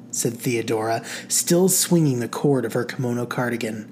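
Woman narrator, low voice, slow wry comic reading, faint hiss behind. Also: dark tone. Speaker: podcast host reading her own novel. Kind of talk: comic reading of a romance story.

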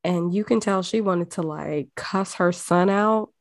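Gravelly South Jersey woman, storytelling. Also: lowish voice, a little slow, no echo, clean studio sound. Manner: laughs often, storytelling with slang. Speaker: podcast co-host. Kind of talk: casual chat.

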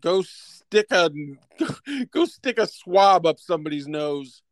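A man's voice: sits high, big pitch swings, takes it slowly, dry recording. A man co-hosting a comedy show, talking in a playful, rambling way with mock threats. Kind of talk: casual comedic banter.

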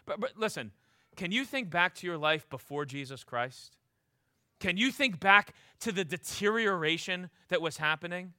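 Impassioned high-voiced male preacher. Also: animated, normal speed, sharp tone, no room sound, clean studio sound. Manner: impassioned, with repeated rhetorical questions and restarts. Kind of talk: sermon.

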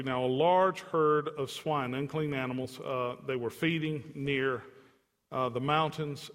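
A man preaching a sermon as a pastor, animated, swinging his pitch and loudness up and down, with asides to the congregation. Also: slow pace. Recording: long hall reverb.

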